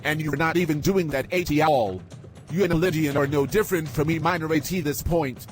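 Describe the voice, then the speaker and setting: A bossy, hot-tempered young guy, as a man plays him, with a higher-than-usual voice that turns easily to insults. Music plays clearly behind him. He sounds like an everyday hobby-drama character. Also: normal speed, natural voice. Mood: furious. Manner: shouting insults, then earnest apologies.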